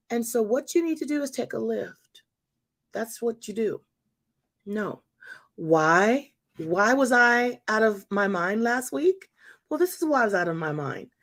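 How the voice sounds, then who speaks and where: With a mid-range voice, a church speaker and host in her fifties talks straight to the congregation, delivering her testimony in a lively way.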